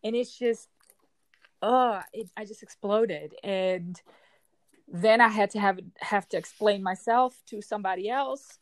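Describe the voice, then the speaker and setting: A woman in her forties speaking in an emotional personal monologue, heated and frustrated, with forceful outbursts. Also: mid-range voice, a little slow, no room sound. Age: 40s.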